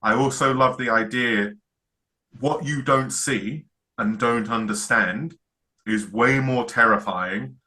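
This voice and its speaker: A man's voice: mid-range voice, slow pace, pushed and bright. A man co-hosting a casual chat, enthusiastically retelling scenes and acting out the lines. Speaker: podcast co-host.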